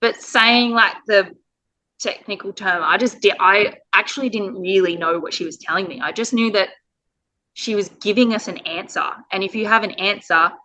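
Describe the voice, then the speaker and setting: Woman, from Australia, parent guest, bright forceful voice, earnest, emotional, laughs now and then. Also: mid-range voice, moderate pace, low-quality recording. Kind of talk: conversational interview storytelling.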